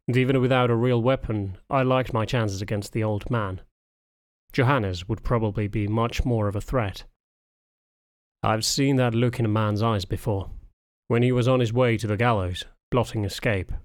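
A man narrating a first-person audiobook in a measured, wry storytelling manner. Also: fairly low pitch, dry recording, clean studio sound.

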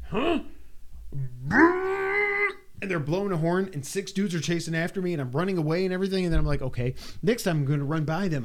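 A man in casual podcast chat, excitedly retelling his time playing a video game and acting out moments with sound effects and little voices. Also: on the high side. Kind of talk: casual chat recounting gameplay.

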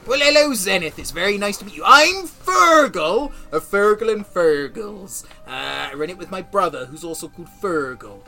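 A woman's voice: lowish voice, very animated, moderate pace, hardly any pauses, sharp tone, soft background music, exaggerated voice. A woman voicing an overly friendly, chatty male farmer who rambles and stumbles over his words. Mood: cheerful.

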